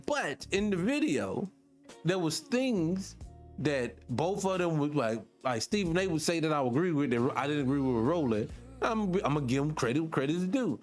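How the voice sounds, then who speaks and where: A man's voice: sing-song, normal speed, faint music behind. Blunt, profane male talk-show host. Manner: emphatic, blunt, profane, swings up in pitch when making a point. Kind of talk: casual commentary reacting to clips.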